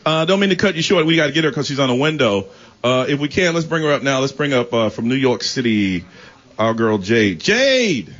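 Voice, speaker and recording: A man hosting a live radio show, chatting quickly and laughing often with callers and co-hosts. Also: mid-range voice, a bit bright. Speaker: radio DJ host. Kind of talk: lively morning radio banter. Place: radio studio. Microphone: studio microphone. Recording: slightly dull radio aircheck with music.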